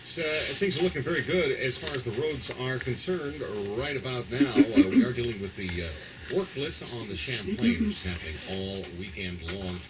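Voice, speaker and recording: A man reading a radio traffic report in a brisk, matter-of-fact way. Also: mid-range voice, big pitch swings, over a noisy crowd, low-quality recording.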